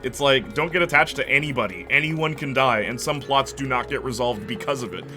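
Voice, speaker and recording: A man's voice: medium pitch, a little fast, music in the background. A man giving casual let's-play commentary, rambling and enthusiastic with many fillers. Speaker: gameplay commentator.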